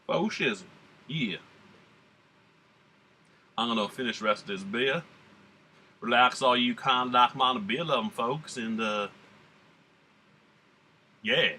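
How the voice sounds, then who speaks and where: A man hosts a relaxed beer-tasting vlog in a put-on American Southern drawl. He rambles along in easy, slangy chat at a middle pitch. His voice has a very bright, ringing edge. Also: slow, pauses often. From United States. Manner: laid-back, rambling, chatty with slang. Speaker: beer reviewer. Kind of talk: casual vlog tasting review.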